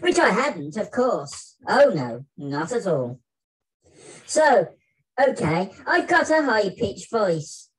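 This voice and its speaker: A man putting on a high-pitched voice as a blustering, famous older actor in a comic spoken-word piece over a video call. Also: big pitch swings, takes it slowly, full character voice, poor audio. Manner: blustering, indignant comic monologue.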